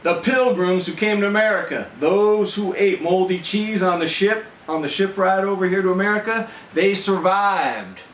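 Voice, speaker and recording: A man's voice: high voice, moderate pace, few pauses, a bit bright, slight background noise, pitched above the performer's own voice. A man putting on the voice of his stern military father scolding his son. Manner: barking orders, stern. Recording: roomy echo.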